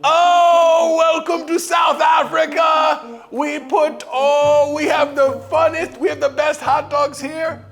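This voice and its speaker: Very high, gravelly young man yelling. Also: little pitch movement, slow pace, few pauses, some chatter behind. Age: young adult. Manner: loud, yelling sales-pitch delivery. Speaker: student contestant. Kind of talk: improvised comedy hot dog pitches in mock accents. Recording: music playing behind.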